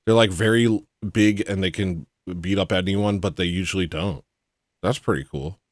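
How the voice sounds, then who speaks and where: A man ranting casually as a comedic livestream host, mumbling asides between louder bursts. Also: deep voice, moderate pace, no room sound, studio quality. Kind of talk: rambling comedic livestream rant.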